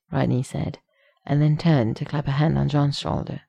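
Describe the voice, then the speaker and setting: A woman narrating a fan fiction story in a steady, measured reading voice. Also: deep voice, gravelly, breathy edge, muffled recording.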